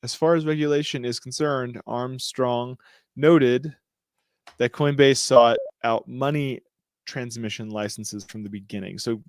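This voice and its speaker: A man of average pitch reads headlines aloud on a casual podcast, breaking off to joke and throw in slang. He trips over words and laughs it off. The sound is dry and close, with no room echo. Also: steady tone, measured pace. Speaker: podcast co-host. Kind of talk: casual chat reading news aloud.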